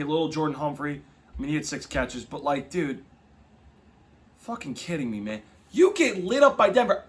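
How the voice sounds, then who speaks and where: A man's voice: high-pitched, pushed and bright. A young man hosting a casual football podcast, ranting in an exasperated, profane, emphatic way. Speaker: podcast host. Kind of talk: casual sports podcast rant.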